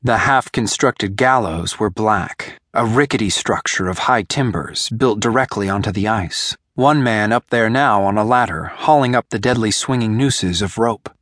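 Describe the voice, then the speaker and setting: A man narrating a young-adult fantasy audiobook in a measured, deliberate way. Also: lowish voice, fairly bright tone, no echo, clean studio sound. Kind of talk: scripted narration.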